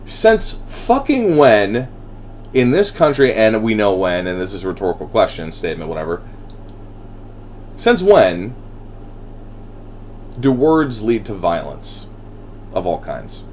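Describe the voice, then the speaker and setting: A man giving a solo ranting monologue, blunt and profane, with wry laughs between thoughts. He swings between heated outbursts and quiet brooding. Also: on the low side, big pitch swings, a little slow, long pauses, slight background noise. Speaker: podcast host.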